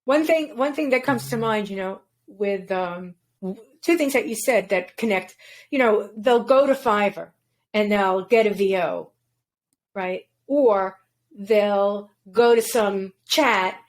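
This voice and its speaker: A woman hosting a podcast, talking casually and thoughtfully, often pausing and searching for words. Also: mid-range voice. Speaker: podcast host.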